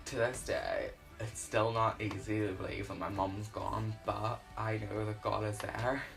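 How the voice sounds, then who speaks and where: A young man, sharing his personal faith testimony in an earnest, halting way with many fillers. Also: on the low side, vocal fry, low-quality recording. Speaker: YouTuber.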